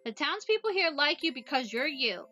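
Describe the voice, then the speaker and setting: A woman's voice: sits high, very animated, moderate pace, bright, forceful tone, soft background music, full character voice. A woman voicing a blunt, impatient young girl who teases her friend in a snappy, sarcastic way in a voiced visual novel. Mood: coaxing.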